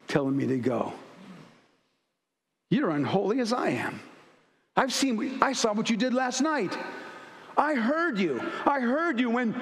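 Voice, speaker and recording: A man's voice: sits high, full character voice. A man voicing a contemptuous demon that accuses a believer, in a sneering, pointed tone. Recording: echoey church hall.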